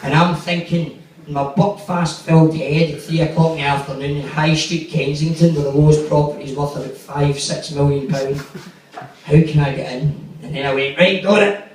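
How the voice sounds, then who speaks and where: A man's voice: a little high, steady tone, moderate pace, darkish tone, very echoey, far from the mic, poor audio. A man with a Glaswegian accent doing stand-up, telling profane, rambling stories and acting out the quotes. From Glasgow, Scotland. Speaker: stand-up comedian. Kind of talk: stand-up storytelling. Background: audience laughter.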